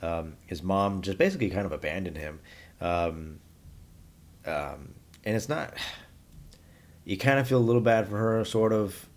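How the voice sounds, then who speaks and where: A man with a low voice speaks his mind bluntly in an unscripted vlog monologue. He rambles and circles back as he talks, restarting his sentences without polish. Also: normal speed, long pauses, slight background noise. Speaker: vlogger giving his opinions. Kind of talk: unscripted opinion monologue to camera.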